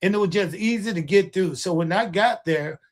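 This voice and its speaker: An older man hosting a podcast, telling a story in a casual, animated way and acting out the quotes, with plenty of swearing. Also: high-pitched, normal speed. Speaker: podcast host.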